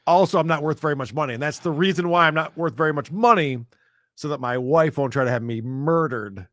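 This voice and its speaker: Podcast co-host, middle-aged man, sarcastic quick wit, voice a bit high, dry close mic. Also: a bit bright, dry recording. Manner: quick sarcastic quips and mock outrage. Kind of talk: casual comedic chat.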